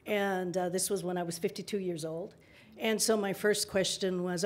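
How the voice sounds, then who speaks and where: A woman in her sixties, a panel guest at a public forum, telling her story in an animated way with laughs between remarks. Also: lowish voice, normal speed. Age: 60s. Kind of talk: conversational storytelling at a live forum.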